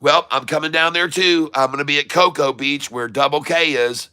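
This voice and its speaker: A man from Michigan hosting a casual live stream, excitedly reading out viewer shout-outs. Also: on the high side, normal speed, clean tone, no room sound. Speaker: livestream host. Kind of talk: casual livestream chat.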